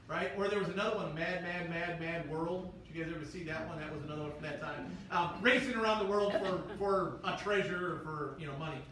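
A man's voice: sits high, fairly bright tone. Man, midwestern american accent, pastor, chatty sermon, distant mic, faint room noise. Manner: conversational, frequent "right?" check-ins. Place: church sanctuary. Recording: echoey church from far off.

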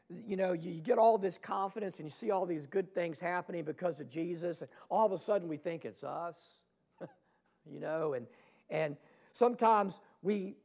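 Pastor, male, raised pitch with gravel in it; sermon delivery that throws rhetorical questions at the congregation. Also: normal speed. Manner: dynamic preaching, swelling loud then dropping to hushed asides. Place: church sanctuary.

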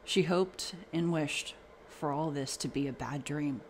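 A man narrating a horror story in a steady, even reading voice. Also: a little high, a little slow, slight background noise.

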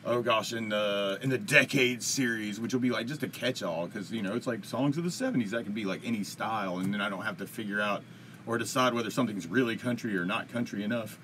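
A man's voice: fairly low pitch, fast talker, a bit bright, slight background noise. Rambling, upbeat man hosting a live guitar Q&A. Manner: rambling and upbeat, lots of fillers, talks to chat by name. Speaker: music teacher hosting a live Q&A. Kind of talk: casual live-stream chat. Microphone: computer mic at a desk.

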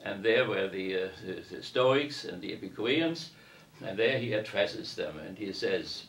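A man's voice: lowish voice, lively intonation, unhurried, fairly bright tone, slight background noise. A man giving a university lecture in a parish hall, reading passages aloud and then discussing them at length. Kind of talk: academic lecture to an audience. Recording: roomy echo from a distance.

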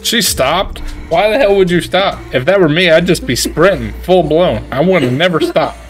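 A man giving casual, excitable, joking commentary while playing a video game. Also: on the high side, normal speed, soft background music. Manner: excitable, trash-talking, jokey. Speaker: gaming streamer.

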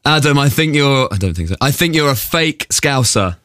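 A male radio host bantering in a casual, animated and self-mocking way, often sounding exasperated. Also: medium pitch, moderate pace, no room sound.

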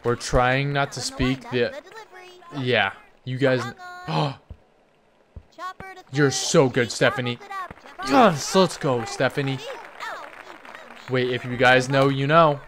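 A man giving excited game commentary as a gaming YouTuber, hyped and cheering players on by name. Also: mid-range voice, slow pace, long pauses, a crowd in the background.

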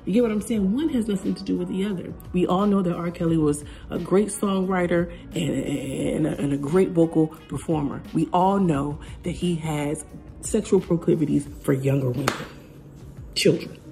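A woman's voice: fairly low pitch, normal speed, gravelly, warm tone, faint music behind. A woman giving casual opinion commentary in a sassy, blunt way, talking straight to her viewers. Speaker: commentary vlogger.

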